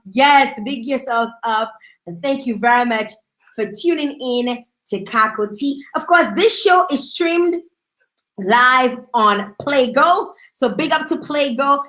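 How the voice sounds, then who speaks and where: A woman hosting a live-streamed talk show, chatty and lively as she gives shout-outs to viewers. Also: sits high. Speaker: host.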